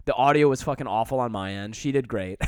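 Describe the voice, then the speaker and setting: A man's voice: mid-range voice, fast, smooth, no echo. Young man, podcast host, casual swearing, dry close sound. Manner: loose, swears freely, laughs often. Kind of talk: casual chat.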